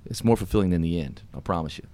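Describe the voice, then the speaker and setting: A middle-aged man hosting a radio show, telling his story in an earnest, animated, folksy way. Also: low-pitched, fast. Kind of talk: casual storytelling and motivational talk.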